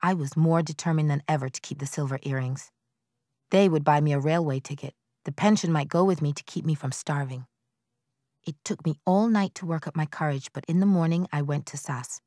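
A woman narrating a novel in the first person, in a measured, quiet storytelling manner. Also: low-pitched, dry recording, clean studio sound. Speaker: audiobook narrator.

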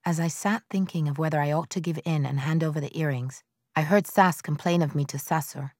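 Low-voiced woman narrating a novel. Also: a little fast, a little mellow, no echo, clean studio sound. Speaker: audiobook narrator. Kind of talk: first-person novel narration.

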